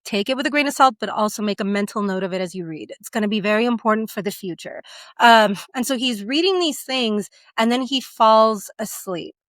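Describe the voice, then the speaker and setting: Woman co-host, vivid storyteller, a bit high-pitched, dry sound. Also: brisk, no room sound. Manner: lively storytelling that acts out the scenes. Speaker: podcast co-host. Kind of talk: casual book discussion.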